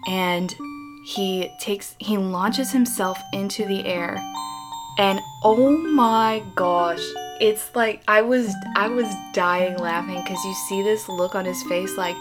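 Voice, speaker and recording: Animated woman retelling a story. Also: medium pitch, music in the background. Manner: animated retelling, acting out the kids' lines in quick bits. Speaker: podcast host. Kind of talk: casual podcast recap.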